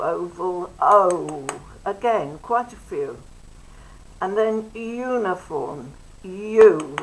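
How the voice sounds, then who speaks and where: Older woman, retired teacher type, slow and deliberate, low-ish voice, exaggerates vowels, faint hiss behind. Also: a bit bright, poor audio. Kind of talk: phonics lesson. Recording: faint background noise.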